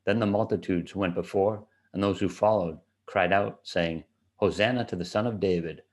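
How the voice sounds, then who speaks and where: A man giving a steady, measured reading of scripture aloud. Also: low-pitched. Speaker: scripture reader.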